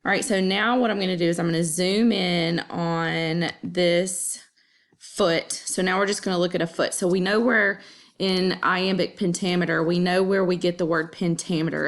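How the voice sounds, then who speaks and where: A woman teacher walks through poetry meter in a relaxed classroom manner, her voice sitting fairly low with a gravelly edge. She keeps things chatty and checks in with her listener every few lines. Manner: chatty, checks in with "okay?" often. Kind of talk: casual classroom explanation.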